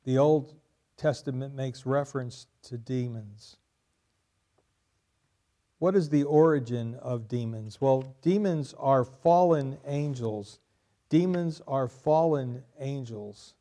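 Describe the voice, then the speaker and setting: Man preaching with a mellow voice. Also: mid-range voice, slow. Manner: emphatic preaching, repeating key lines for stress. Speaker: pastor. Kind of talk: sermon.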